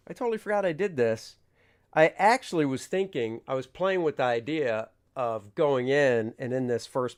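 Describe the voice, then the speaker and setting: A man, a comic artist, chatting casually on a livestream, rambling, reading viewer questions aloud and acting out his panels. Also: medium pitch. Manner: rambling, reads chat aloud, acts out panels.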